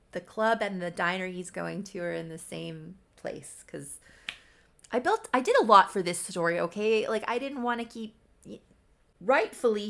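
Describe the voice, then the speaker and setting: A woman's voice: mid-range voice, a bit bright. A woman casually recapping a soap-opera story she made, with chatty, self-deprecating asides. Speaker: creator recapping her own game story.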